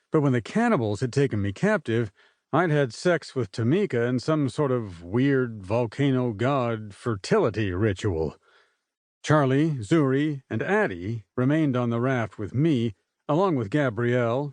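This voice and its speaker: A man reads a first-person adventure novel aloud, his pace unhurried and measured. His voice sits at an everyday pitch. The recording is dry and close-miked, with no room sound. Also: a little mellow, no room sound. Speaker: audiobook narrator. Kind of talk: first-person scripted narration.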